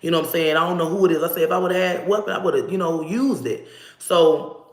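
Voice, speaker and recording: A woman's voice: lowish voice, fast. Woman telling a wild story, lots of cussing, acts out the voices, roomy echo. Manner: animated, profane, acts out dialogue. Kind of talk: casual storytelling to camera.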